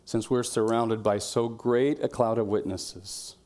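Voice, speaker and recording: Male pastor, low-pitched, relaxed conversational sermon delivery with quiet moments. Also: unhurried. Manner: conversational preaching, drops to quiet tones, shouts quoted cheers. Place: church.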